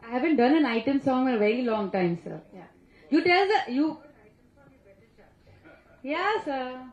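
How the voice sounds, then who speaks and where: A fairly high-voiced woman, an actress chatting animatedly at a press conference, laughing and restarting as she tells stories. Her voice echoes in the hall and sounds a little dull and muffled. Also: lively intonation, normal speed, pauses often. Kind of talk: casual press-conference storytelling.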